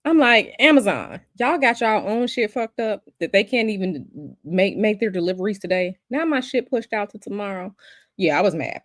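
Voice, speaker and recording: A woman's voice: fairly high pitch, expressive, normal speed, dry recording, studio quality. A woman hosting a casual livestream, chatty and sassy, calling her viewers y'all and baby. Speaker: livestream host.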